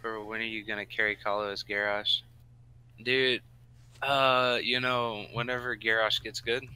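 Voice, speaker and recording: A man's voice: on the low side, fairly even intonation, measured pace, pushed and bright, clean tone, poor audio. A man co-hosting a casual gaming podcast, teasing and cracking jokes. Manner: teasing, wisecracking. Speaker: podcast co-host.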